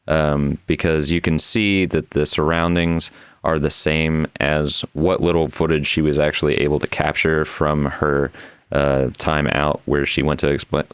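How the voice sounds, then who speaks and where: A man's voice: very deep voice, clear, resonant tone, no room sound. A man co-hosting a podcast, casually recapping an internet mystery in a laid-back, rambling way. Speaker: podcast co-host.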